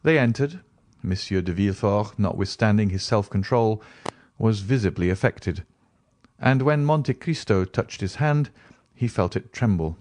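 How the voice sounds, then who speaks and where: A man reading a classic novel aloud as an audiobook narrator, in a deliberate, expressive storytelling manner. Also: on the low side. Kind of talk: scripted narration.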